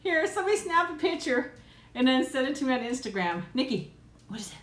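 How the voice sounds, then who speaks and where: A woman's voice: high voice, very animated, brisk, fairly bright tone, roomy sound. A middle-aged woman hosting a casual live chat from home on a tablet, laughing often and cooing at her pet. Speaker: live stream host.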